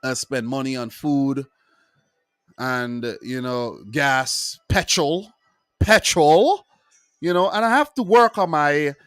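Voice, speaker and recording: A man hosting his own football review channel, talking casually and loosely, full of asides and shout-outs to viewers. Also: medium pitch, takes it slowly, clean tone, dry recording, studio quality. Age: adult with wife and three kids.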